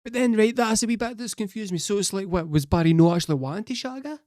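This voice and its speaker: A man's voice: high-pitched, quick pace, a little mellow, no room sound, clean studio sound. Sweary Scottish man reacting to music. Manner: sweary, crude joking. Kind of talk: casual commentary.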